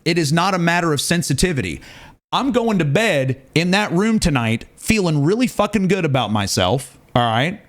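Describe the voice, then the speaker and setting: A man's voice: fairly high pitch, normal speed. A male streamer chatting live, ranting emphatically and repeating words for effect. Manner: animated, ranting, emphatic repetition.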